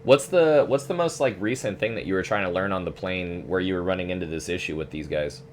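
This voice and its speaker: This flight sim streamer is a young man with a low-pitched voice who speaks briskly, with a little hiss or hum in the audio. His casual chat is relaxed, peppered with swearing and frequent uses of "dude."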